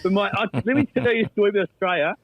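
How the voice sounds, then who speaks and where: An English man, a former cricketer, chatting as a podcast guest in a jokey, animated way. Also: high voice, no echo, lo-fi sound. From England. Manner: jokey, animated, quick to laugh. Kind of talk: casual chat and storytelling.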